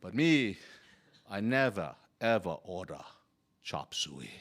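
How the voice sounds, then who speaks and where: Slow, low, and a bit bright, this man's heavily acted voice makes big pitch swings. The storyteller, from Hawaii, speaks in the first person as a good-humored, humble Chinese immigrant laborer using broken English, in a wistful mood.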